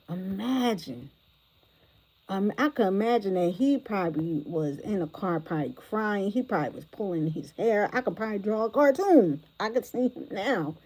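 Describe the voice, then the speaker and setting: A woman hosting a livestream reaction commentary, animated and exclamatory, talking straight to her viewers from a phone or tablet. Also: mid-range voice, low-quality recording. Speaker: commentary host.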